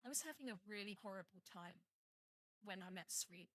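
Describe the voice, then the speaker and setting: A woman's voice: medium pitch, expressive, brisk, fairly bright tone, no room sound. A young British woman streaming live, rambling casually to her viewers and swearing at her computer. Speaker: VTuber streamer.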